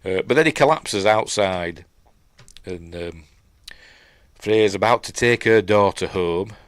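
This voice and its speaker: A man's voice: fairly low pitch, slow pace, clear, resonant tone, dry recording. A middle-aged man with a Yorkshire accent, casually recapping and reviewing a film in a rambling, chatty way full of fillers and asides.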